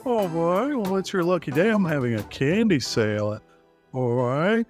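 A man's voice: fairly high pitch, big pitch swings, moderate pace, faint music behind. A man playing an overly friendly candy shopkeeper with wheedling sales talk in improv comedy.

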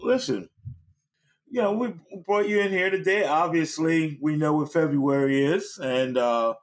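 A man hosting a podcast, asking questions in a relaxed, chuckling manner of casual banter. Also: a little high, measured pace. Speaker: podcast host. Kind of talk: casual interview.

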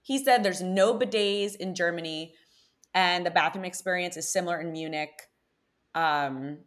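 Young woman podcast host, lower voice, lively chatty storyteller. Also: moderate pace. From Connecticut, USA. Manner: chatty, animated storytelling with frequent "like". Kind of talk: casual chat.

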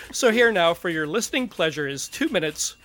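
A man's voice: high voice, fairly bright tone. Upbeat jokey podcast host man. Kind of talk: casual podcast chat.

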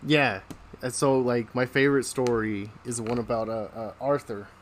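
Laughing man telling an animated story. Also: medium pitch, normal speed, a little hiss or hum. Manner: laughs often while telling stories; acts out the people in his stories. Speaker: podcast host. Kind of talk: casual storytelling.

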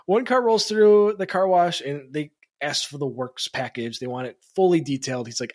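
Man, podcast co-host, animated comic storytelling, slightly high voice, laughs a lot. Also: normal speed, few pauses, no room sound, studio quality. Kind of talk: casual comedic storytelling.

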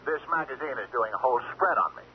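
A man playing a vain, hesitant senator in a 1970s radio drama, husky and full of hesitations. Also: mid-range voice, expressive, fast, a little hiss or hum, lightly acted. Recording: dull lo-fi radio broadcast.

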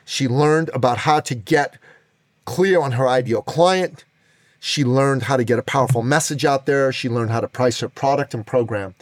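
A man's voice: medium pitch, normal speed, no room sound. Middle-aged male podcast host, emphatic storyteller, mid-range voice, dead-dry recording. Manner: emphatic, dramatic storyteller with rising punches. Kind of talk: motivational storytelling monologue.

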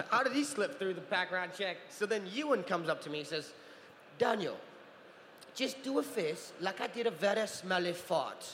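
A man in his forties, a guest on a convention panel, telling stage stories in an animated way, acting out voices and laughing often. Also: high-pitched, normal speed. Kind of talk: storytelling Q&A on stage. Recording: roomy hall reverb with faint crowd noise.

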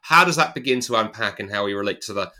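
A man hosting an interview, asking thoughtful, halting questions with fillers. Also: fairly low pitch, animated, bright, forceful tone. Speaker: podcast host.

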